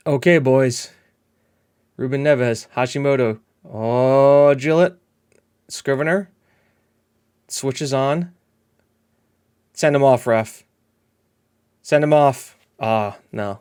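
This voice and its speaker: A man talks loosely over a game he is playing, trailing off and restarting his thoughts. His voice sits at an ordinary middle pitch. When play turns tense, he jumps into quick, excited calls. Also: clear, resonant tone. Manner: chatty and rambling, excitable bursts at match action. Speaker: gameplay commentator. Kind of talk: casual let's-play commentary.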